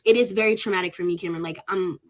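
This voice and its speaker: A young woman in college races through her arrest story in a lowish voice on a livestream. Speaking casually but shaken, she's emotional and candid, swears freely, and sounds close to tears.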